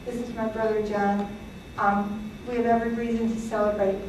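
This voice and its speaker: A woman's voice: mid-range voice, little pitch movement, fairly quick, darkish tone, a little hiss or hum. A woman in her sixties, born in Greece, giving a chatty talk to an audience, with many fillers and laughs. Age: 60s. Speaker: presenter. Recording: echoey hall from far off.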